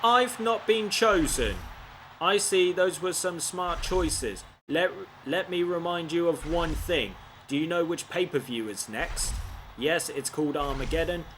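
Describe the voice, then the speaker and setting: A man narrating his video game playthrough with animated, foul-mouthed commentary. His voice sits a little high and bright, and he talks at an unhurried pace. Faint background noise sits under the voice. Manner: animated, swears often, frustrated outbursts.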